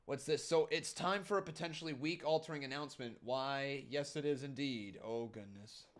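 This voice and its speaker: A man's voice: mid-range voice, moderate pace. A man hosting a live stream watch-along, commenting with upbeat energy, laughing often and chatting with his viewers. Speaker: host.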